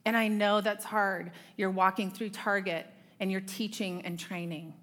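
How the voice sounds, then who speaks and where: Middle-aged woman, women's ministry speaker, chatty Bible teaching, mid-pitched voice, joking asides. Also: steady tone, measured pace, a bit bright. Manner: chatty, self-deprecating asides to the audience. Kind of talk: conversational Bible teaching talk.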